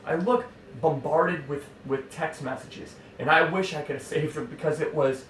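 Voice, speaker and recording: A man telling an animated, exasperated hunting-camp story in a casual way, full of fillers and asides. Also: fairly high pitch, moderate pace, a little hiss or hum. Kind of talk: casual spoken anecdote. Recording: roomy sound from a distant mic.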